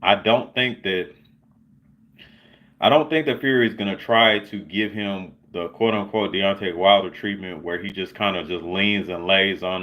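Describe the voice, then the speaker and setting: A man hosts his own livestream and talks through it alone in casual, sarcastic commentary with lots of filler words. His voice is low with a fairly bright tone.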